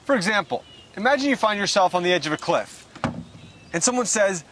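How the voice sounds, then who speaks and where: A man co-presenting a scripted video lesson in an animated, playful way. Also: high voice, a little fast, slight background noise.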